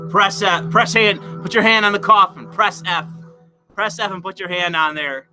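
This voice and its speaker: A man's voice: sits high, steady tone, moderate pace, bright, forceful tone, faint music behind. A man hosting a casual live stream, talking to chat in a profane, exasperated way and laughing often.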